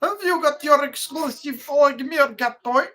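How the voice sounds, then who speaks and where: Man's impression of a meerkat mascot, mock Russian accent, slow salesy delivery. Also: pushed and bright, full character voice. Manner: slow, over-enunciated sales pitch. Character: fussy meerkat ad mascot with Eastern European accent.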